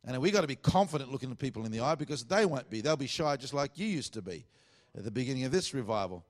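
Australian man, middle-aged, preacher, casual conversational sermon, asides, mid-pitched voice. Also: expressive, quick pace.

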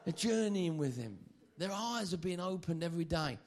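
A man preaching a sermon, lively and joking, often stammering and repeating phrases. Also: fairly high pitch, moderate pace.

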